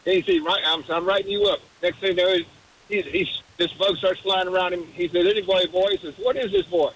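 A male caller with a high-pitched voice tells a long joke on air. He halts and restarts often as he goes. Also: level tone, a bit bright, a little hiss or hum, low-quality recording. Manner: halting, many restarts and fillers. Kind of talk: telling a joke on a call-in show.

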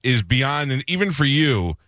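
Joking middle-aged radio host. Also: male voice, mid-range voice, sing-song, normal speed, a bit bright, no echo, clean studio sound. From New York. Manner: joking, laughs often. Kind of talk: casual radio interview.

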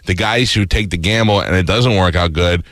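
Teasing low-voiced radio host. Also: male voice, normal speed, fairly bright tone, dry recording, studio quality. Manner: teasing, blunt. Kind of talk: joking radio interview.

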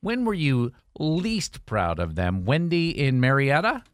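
A man's voice: mid-range voice, wildly swooping pitch, a little slow, dry recording, clean studio sound. Playful male morning radio host. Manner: playful, joking, reads callers' names and towns. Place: radio studio. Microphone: studio microphone.

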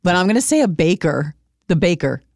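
Middle-aged female podcast co-host, low voice, dry close sound, wry and self-mocking. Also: sing-song, brisk, darkish tone, no room sound. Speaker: podcast co-host and trivia contestant. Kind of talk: casual radio podcast chat.

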